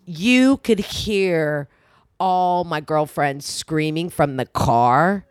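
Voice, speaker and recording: A woman telling a story in casual chat, animated and swearing freely, acting out the people she quotes. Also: low-pitched, very slow, smooth, dry recording, studio quality. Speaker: guest.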